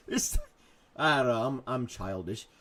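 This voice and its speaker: A man's voice: mid-range voice, a bit bright. A man hosting a live morning chat show, rambling and self-mocking, with jokey asides to his dog and to viewers.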